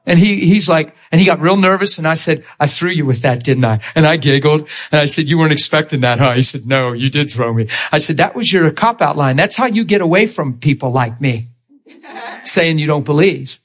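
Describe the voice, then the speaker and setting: Guy preaching, kinda husky, higher voice, acts out the conversations. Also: lively intonation, brisk. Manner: storytelling, quoting both sides of conversations. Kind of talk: sermon with acted-out stories.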